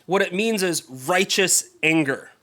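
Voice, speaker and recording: A man preaching a sermon, telling the story in a casual, lively way and acting out the characters' voices. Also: high-pitched, measured pace. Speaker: pastor.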